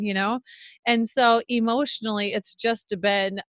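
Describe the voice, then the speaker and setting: A woman's voice: a little high, steady tone, unhurried, fairly bright tone, no echo. A woman in her thirties, co-hosting a podcast, talking candidly and emotionally with many fillers. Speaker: podcast co-host. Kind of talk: candid conversational podcast talk.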